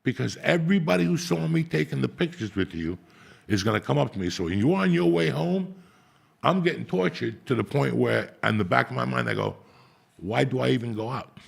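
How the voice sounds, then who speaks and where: A middle-aged podcast host who tells stories loosely and with plenty of swearing. His voice is very gravelly and husky. His pitch rises and falls widely as he talks. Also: very animated, brisk. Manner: profane, rambling street-style storytelling. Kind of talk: casual storytelling chat.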